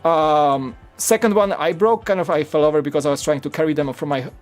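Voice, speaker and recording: A man's voice: a little high, fairly quick, soft background music. A man in his thirties hosting a live stream, chatting casually and laughing often.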